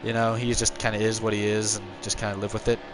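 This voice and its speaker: A fairly low-pitched young man, tired but relaxed, talks fast while streaming a racing game through a headset mic. He rambles and replies to viewer chat during this casual live stream, with a noisy background behind him.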